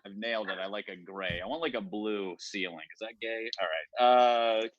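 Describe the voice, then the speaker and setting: A man's voice: on the low side, normal speed, dry recording, dull audio. A man in his thirties doing a crude, rambling, self-mocking stand-up set over a video call. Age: 30s. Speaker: stand-up comic. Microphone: home setup on a video call.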